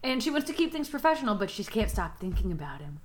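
A woman's voice: mid-range voice, very animated, quick pace. A woman co-hosting a podcast, summarising a story and joking bluntly with profanity. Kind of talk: casual chat.

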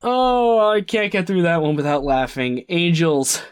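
A man's voice: a little high, very animated, unhurried, hardly any pauses, smooth. A young man co-hosting a casual sports podcast, joking and laughing at his own lines. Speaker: podcast co-host.

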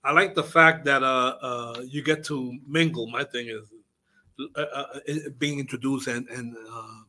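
A man's voice: medium pitch, fairly even intonation, measured pace, sharp tone. An older man hosting a community radio interview, chatting casually with hesitant fillers and restarts. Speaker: radio host.

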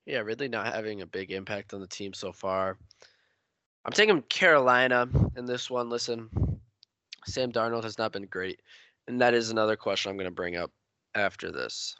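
A man hosts a casual sports podcast, giving his picks, leading the conversation and handing the floor to each guest in turn. His voice is lowish, bright and forceful at a normal speed, with no room sound.

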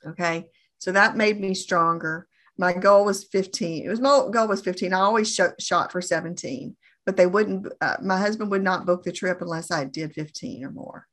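A middle-aged woman coaching on phone sales in an earnest, deliberate way, often repeating herself for emphasis. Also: fairly low pitch, a bit bright. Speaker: insurance sales trainer.

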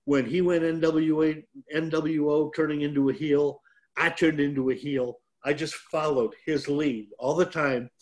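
An older man with a slightly raised pitch talks through a rambling anecdote. He is a guest and former wrestler from Detroit, self-deprecating and loose. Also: fairly even intonation, normal speed. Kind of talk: casual storytelling.

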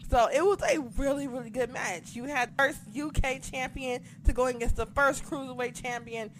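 A woman chatting casually about a wrestling show, excitable, swearing a lot and losing track of names as she talks. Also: high-pitched, moderate pace, hardly any pauses, slight background noise. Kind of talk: casual chat.

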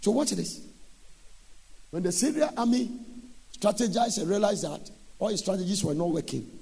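A man preaching a sermon in an emphatic, sing-song way with sudden loud bursts. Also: high voice, normal speed, creaky, long pauses, slightly rough.

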